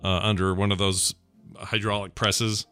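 Low-voiced man telling rambling stories. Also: level tone, moderate pace, bright, forceful tone, no echo, faint music behind. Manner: rambling storyteller, puts on silly caller voices. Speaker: podcast co-host. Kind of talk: casual chat.

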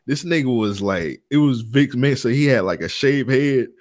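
A man's voice: mid-range voice, expressive, moderate pace. A man co-hosting a podcast, telling loose slangy stories and laughing often between lines. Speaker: podcast co-host. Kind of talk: casual podcast banter.

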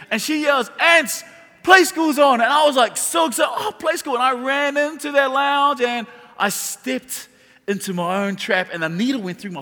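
A man preaching a sermon, telling a funny personal story and talking straight to the congregation. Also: sits high. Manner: animated and humorous, addresses the audience directly. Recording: reverberant hall.

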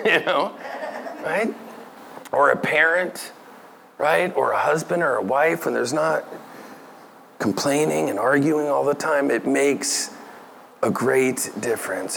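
A man's voice: medium pitch, creaky, a little hiss or hum. A middle-aged man preaching a sermon, talking casually and asking the audience questions. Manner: conversational, asks the audience questions, laughs lightly. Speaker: pastor.

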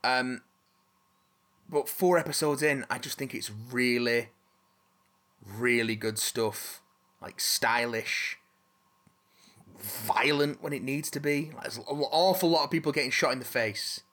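A man's voice: medium pitch, measured pace, pauses often, sharp tone. A man hosting a casual chat, rambling with restarts and casual swearing.

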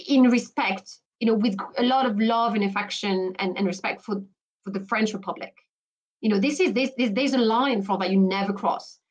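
A woman's voice: a little high, rough recording. A woman talking as a guest on a podcast interview, emphatic and full of restarts and "you know" fillers. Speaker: guest commentator.

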